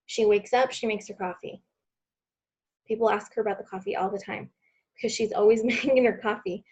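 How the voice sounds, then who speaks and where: A woman's voice: mid-range voice, fairly even intonation, normal speed, a little mellow, slightly rough, dull audio. A woman leading a sales team training call, talking to her group in an encouraging, conversational way. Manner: encouraging, conversational, direct address. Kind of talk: training call on social media selling.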